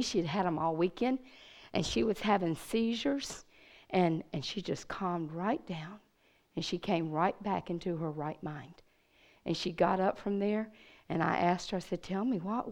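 Her voice sits lowish and moves at a normal speed as she preaches a testimony sermon. She's a guest speaker at a women's church gathering, relating her own experience vividly and talking straight to the crowd.

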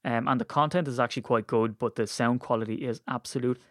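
A man's voice: medium pitch, steady tone, quick pace, no echo. A man with an Irish Wicklow accent hosting a podcast in a rambling, jokey, chatty way on a studio mic. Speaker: podcast host. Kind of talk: casual podcast chat.

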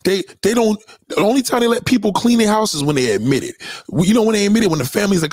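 Husky, blunt-talking man ranting. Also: high-pitched, animated, racing, darkish tone, no echo. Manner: blunt, profane and emphatic, often repeating himself. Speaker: commentator. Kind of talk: casual opinion rant.

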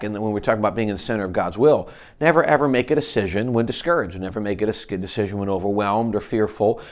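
A man preaching. He reads scripture aloud and then explains it in a conversational way, often restarting his sentences. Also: medium pitch. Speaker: pastor. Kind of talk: expository Bible teaching.

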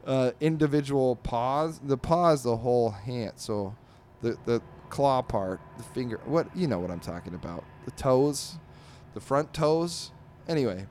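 A man hosting a comedy podcast, rambling through comic strips in a halting way with many ums and restarts. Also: on the low side, a little mellow, a little hiss or hum.

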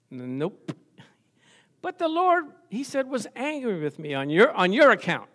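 A man's voice: high voice, huge pitch swings, normal speed, a bit bright. A middle-aged man preaching a sermon in a church, chatty, acting out quoted voices, chuckling often and calling for amens. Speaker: pastor.

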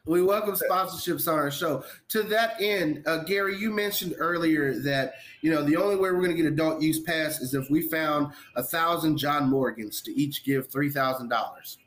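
A man's voice: on the high side, moderate pace, few pauses, a bit bright. A man hosting a casual podcast who talks earnestly and repeats words when he stumbles. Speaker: podcast host.

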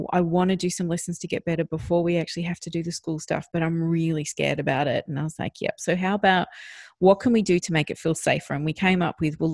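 Middle-aged woman, gentle storyteller, low voice, dry close sound. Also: no echo. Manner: warm, gentle storyteller, lifts her voice to act out her child. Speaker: podcast co-host. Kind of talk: casual storytelling on a parenting podcast.

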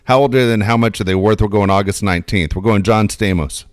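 A man's voice: on the low side, fast talker, clean tone. A man hosting a radio show, blunt and cynical, cracking crude jokes in casual chat. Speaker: radio host.

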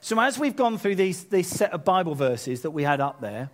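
A man preaching a sermon, retelling scripture in a lively paraphrase with casual asides. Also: sits high, moderate pace. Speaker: pastor.

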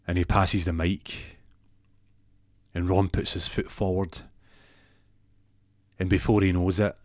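A man's voice: low voice, a bit bright, no room sound, studio quality. A man telling a comic story, jumping into raised voices for each character.

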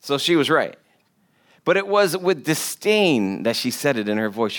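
A male pastor with a fairly high, slightly bright voice preaches at normal speed with lively intonation. He addresses the congregation conversationally, joking with them and using repetition for emphasis.

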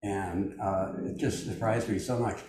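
The older man heading this video-call meditation group has a lowish, slightly mellow voice with fairly even intonation and an unhurried pace. His talk is loose and musing, thick with fillers, captured by a distant mic in a very echoey room.

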